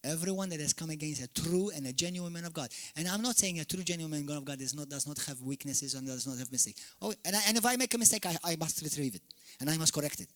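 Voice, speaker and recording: A man from Malta preaching a fiery sermon as pastor, swinging from shouted peaks to sudden quiet drops. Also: fairly high pitch, quick pace. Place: church hall.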